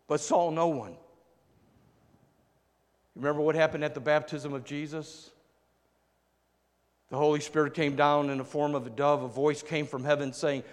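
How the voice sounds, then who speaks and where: Man preaching, high voice, goes loud then real quiet, big echoey hall. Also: steady tone, normal speed, pauses often. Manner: swings from loud emphatic lines to hushed low ones. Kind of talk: sermon. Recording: long reverb of a large hall.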